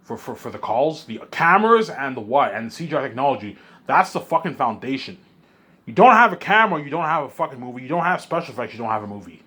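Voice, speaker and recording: A man rambling in an excited monologue, often repeating himself and restarting his sentences. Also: medium pitch, fast, breathy edge. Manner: excitable, repeats himself, puts on voices of others. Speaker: vlogger.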